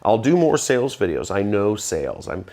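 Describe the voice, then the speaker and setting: A man hosting his own video channel, talking to camera with confident, emphatic sales advice, his phrases often dropping low and quiet at the end. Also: big pitch swings, moderate pace. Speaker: online business vlogger. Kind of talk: direct-to-camera sales tips talk.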